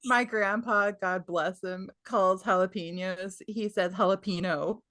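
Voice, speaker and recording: A woman from Texas co-hosting a casual book-club podcast. She giggles often and jumps in with quick reactions. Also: mid-range voice, steady tone, a bit bright, no room sound, clean studio sound. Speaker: podcast co-host.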